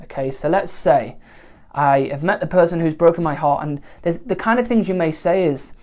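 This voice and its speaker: A woman teaching songwriting in a relaxed, conversational way, often pausing to check in with the listener. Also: low voice. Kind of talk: spoken songwriting lesson to camera.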